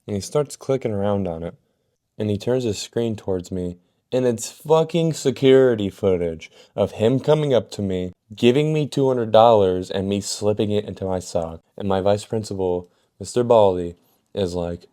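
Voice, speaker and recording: A man's voice: fairly low pitch, moderate pace, dark tone. A young man casually telling a story about himself, swearing a lot and poking fun at himself. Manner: casual, profane, self-mocking.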